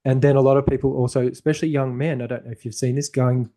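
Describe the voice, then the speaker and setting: Mellow-voiced man musing in conversation. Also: medium pitch, fairly even intonation, fast. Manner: thoughtful, rambling with restarts. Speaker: podcast host. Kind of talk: casual conversation.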